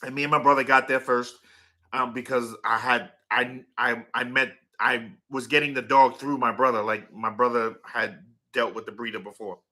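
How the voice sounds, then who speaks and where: A man's voice: medium pitch, steady tone, moderate pace, sharp tone. A man hosting a casual livestream, rambling with lots of fillers and turning aside to talk to his dog and his viewers. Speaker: livestream host.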